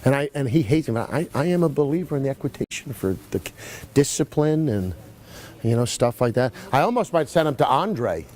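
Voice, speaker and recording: Chatty middle-aged man, lively pitch swings. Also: a little fast. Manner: rambling, chatty, full of "you know" asides. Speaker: riding clinician. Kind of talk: casual coaching chat. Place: horse arena.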